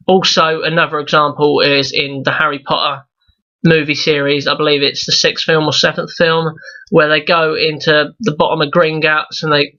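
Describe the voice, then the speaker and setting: A man's voice: on the high side, pushed and bright, muffled recording. A young man ranting in a profane, rambling review vlog, exasperated and full of restarts. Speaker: YouTube reviewer.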